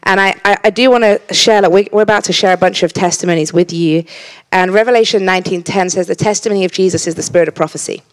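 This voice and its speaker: A woman's voice: on the low side, quick pace. A woman preaching a sermon in a church, earnest, often repeating words as she starts a thought and teasing the congregation now and then.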